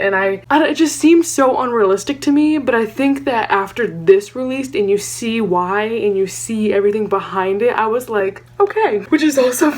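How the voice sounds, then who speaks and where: A young woman with a Texan accent reacting to a book in a vlog, gushing and dramatic with lots of "like". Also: mid-range voice. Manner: gushing, fast, full of "like" and dramatic asides. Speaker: book vlogger.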